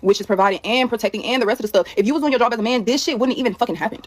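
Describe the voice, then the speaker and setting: A woman's voice: a little high, very fast. A young woman hosting a commentary channel, bluntly and confrontationally rebutting her husband's claims, cursing often. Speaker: channel host reacting to husband's clips. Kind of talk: heated argumentative commentary.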